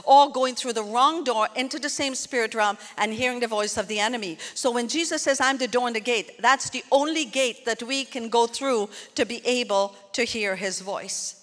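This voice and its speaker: A woman pastor delivers a sermon with a fairly high voice. She preaches earnestly and talks to the congregation as if chatting. Her words ring out with a long reverb in a church hall. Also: moderate pace, few pauses, a bit bright.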